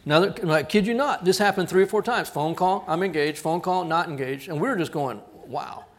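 High-voiced animated male pastor. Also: quick pace. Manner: animated storyteller, acts out quoted voices. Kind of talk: sermon storytelling. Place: church.

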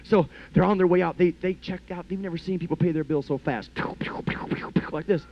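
A man preaching a sermon as a story, talking conversationally with lots of "you know", and swinging between hushed and loud passages. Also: sits high, a little fast. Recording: dull lo-fi podcast audio.

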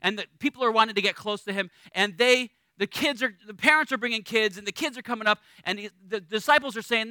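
A middle-aged man preaching a sermon as a pastor, conversational and animated, acting out little voices in his stories. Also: high voice, fast talker, few pauses, smooth, no echo.

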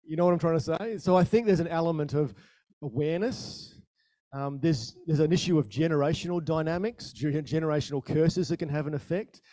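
A man preaching a sermon in a conversational style, asking the listeners questions and telling stories with sudden bursts of loudness. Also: fairly high pitch, brisk, no echo, clean studio sound. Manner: animated storytelling with sudden rises in volume. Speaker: pastor.

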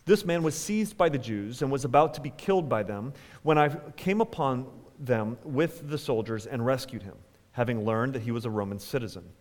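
A man's voice: mid-range voice, expressive, normal speed. A man, a pastor, reading scripture aloud to a standing congregation in an earnest, emphatic way. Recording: reverberant hall.

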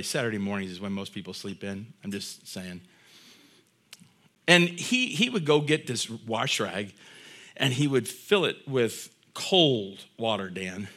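A man's voice: lowish voice, pushed and bright. A middle-aged man preaching a sermon, reading scripture aloud and then explaining it in a conversational way. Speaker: pastor.

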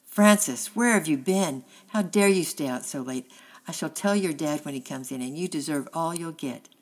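A woman's voice: steady tone, fairly quick, a little mellow. A woman reading aloud as a tearful, angry mother who snaps at her young son. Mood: angry scolding. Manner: shrill scolding. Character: stern, anxious working-class mother, tearful and sharp.

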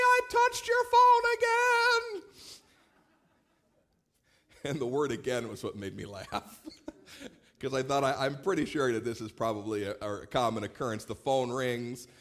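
Man, pastor, sermon, conversational storytelling, mid pitch. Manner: conversational storytelling with warm humor.

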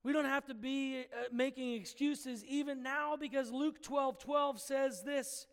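A man's voice: very high voice, steady tone, a little slow, few pauses, in a large hall. A man preaching a sermon in an emphatic, conversational way, asking his listeners questions directly.

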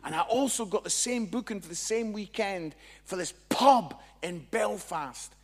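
A Scottish man, a Christian comedian, telling a humorous testimony in an animated, jokey storytelling way. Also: sits high, measured pace, big-room sound. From Scotland.

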